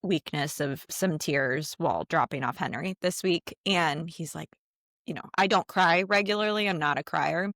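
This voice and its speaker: A woman in her thirties, a podcast co-host, chatting candidly about parenting and sometimes quoting her son in a soft, small voice. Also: sits low, moderate pace, no echo, studio quality. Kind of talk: casual chat.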